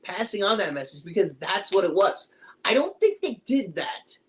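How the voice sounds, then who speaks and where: A podcast co-host chatting casually about movies, animated and acting out quotes. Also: normal speed, slight background noise. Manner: animated, acts out quotes with big pitch jumps.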